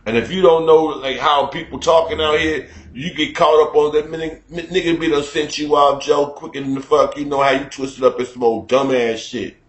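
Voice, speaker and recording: A man from Chicago hosting a loose, profane radio rant, animated and quick to slip into mock voices. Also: on the high side. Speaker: radio show host. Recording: roomy studio echo.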